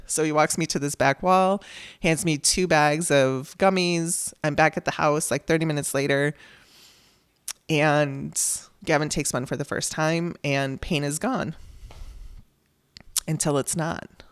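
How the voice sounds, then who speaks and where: A woman's voice: low-pitched, fairly even intonation, unhurried, smooth, dry recording, studio quality. A woman hosting her own podcast, telling a personal story in a candid, conversational way and acting out the dialogue she quotes. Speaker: podcast host.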